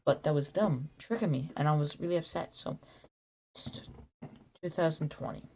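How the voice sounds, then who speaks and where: A man telling an absurd made-up origin story in a rambling, deadpan way, full of restarts and acted-out quotes. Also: a little high, normal speed, a little hiss or hum. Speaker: YouTuber.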